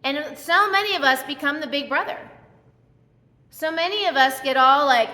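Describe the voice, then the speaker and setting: A woman's voice: sits high, moderate pace, sharp tone. A woman pastor giving a sermon, telling a story with energy and acting out the characters' lines. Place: church hall. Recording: echoey church hall.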